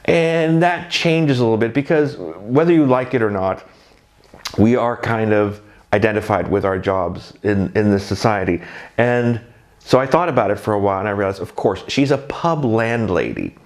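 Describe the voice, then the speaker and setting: A man's voice: lowish voice, lively intonation, normal speed. A man talking casually about his first night in drag, rambling and self-deprecating.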